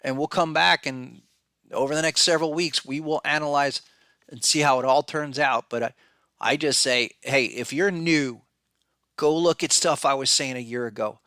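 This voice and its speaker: A man's voice: a little high, steady tone, moderate pace, bright, forceful tone, clean tone, no room sound, clean studio sound. A man hosting a podcast, giving blunt, conversational market commentary and thinking aloud with frequent restarts. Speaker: podcast host and market analyst.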